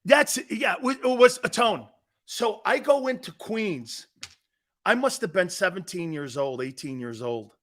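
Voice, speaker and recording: Excitable middle-aged sports radio host. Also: male voice, sits high, unhurried. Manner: animated, loud bursts, calls out to studio crew; rambling, repeats words and restarts. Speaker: sports talk show host. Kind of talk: casual sports radio chat.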